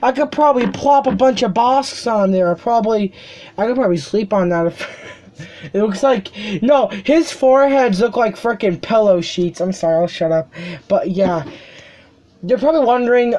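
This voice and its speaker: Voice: mid-range voice, moderate pace, a little mellow. A toy collector rambling through a casual unboxing vlog in a bedroom, joking, swearing and then apologizing, with lots of filler ums and restarts. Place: bedroom at home. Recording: noisy home recording.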